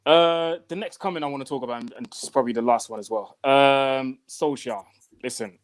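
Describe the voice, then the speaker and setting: A man's voice: medium pitch, brisk. A man hosting a casual football panel, earnest and passing the floor around. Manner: earnest, hands the floor to others. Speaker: host.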